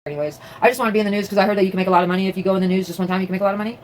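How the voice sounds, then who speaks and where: Woman, casual home vlog, rapid pace, middle pitch, rambling, lots of fillers. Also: very noisy. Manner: chatty, rambling, many fillers and restarts. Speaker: vlogger and crafter. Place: at home, indoors.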